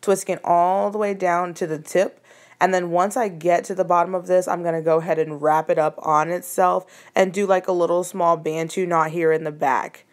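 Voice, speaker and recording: A young woman casually narrating a hair tutorial, chatty and relaxed with frequent ums. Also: fairly low pitch, moderate pace, no echo.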